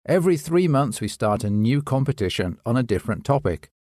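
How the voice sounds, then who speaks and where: A man's voice: medium pitch, sing-song, fairly quick, darkish tone, no room sound, clean studio sound. A man who hosts a poetry podcast, chatting as a guest in an upbeat, friendly way. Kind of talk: scripted podcast chat.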